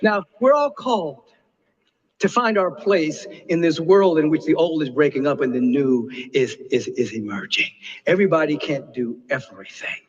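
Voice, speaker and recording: A male spiritual teacher preaches with passion, swinging from hushed intensity to soaring highs. His voice sits a little high and sounds husky. The recording is dull and lo-fi. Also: lively intonation, normal speed, in a large hall. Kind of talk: inspirational sermon.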